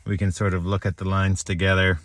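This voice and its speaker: A man talking to his viewers after a lost chess game, joking at his own expense with halting restarts and small laughs. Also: low-pitched, flat delivery, fairly bright tone, dry recording. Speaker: chess vlogger. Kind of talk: rambling self-deprecating reflection.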